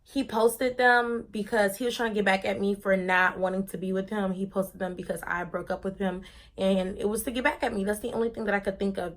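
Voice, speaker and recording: A young woman vlogger telling a personal story in a casual, dramatic, slangy way. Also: mid-range voice.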